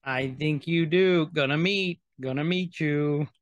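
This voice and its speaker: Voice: medium pitch, a little slow, clear, resonant tone, dry recording. A podcast co-host in casual chat, teasing and egging on the other host.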